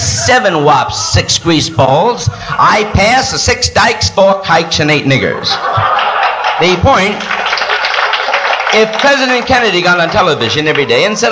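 A man's voice: fairly high pitch, background noise. A man performing a provocative stand-up comedy routine with a rhythmic, listing delivery.

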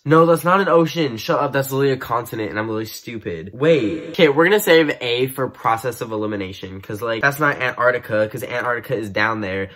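A man in his twenties talking to camera in a casual, playful vlog, mocking himself and jumping between loud outbursts and mumbled asides. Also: mid-range voice. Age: 20s. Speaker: YouTuber. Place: room with bookcases.

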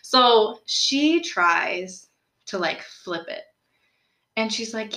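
A young woman hosting a podcast, telling a true-crime story in a casual, animated way, full of "like" and questions put to her co-host. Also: a little high, very slow. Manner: chatty, animated, lots of "like" and rhetorical questions. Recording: roomy echo.

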